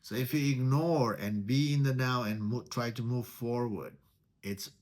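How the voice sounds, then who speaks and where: A man teaching meditation in a spiritual talk. He speaks deliberately, repeats key words, and poses rhetorical questions. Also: mid-range voice, a little mellow.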